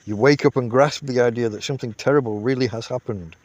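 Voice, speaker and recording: A man reading a classic comic novel aloud as an audiobook, telling it in an unhurried, expressive way. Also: mid-range voice. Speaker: audiobook reader.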